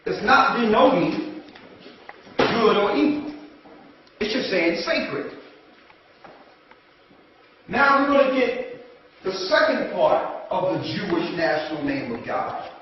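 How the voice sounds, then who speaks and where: A man's voice: high-pitched, lively intonation, slow, long pauses, distant mic, slight background noise. A man teaching a scripture class, prompting others to read aloud and repeating their words back to them. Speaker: Bible study teacher. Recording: echoey room from afar, dull lo-fi.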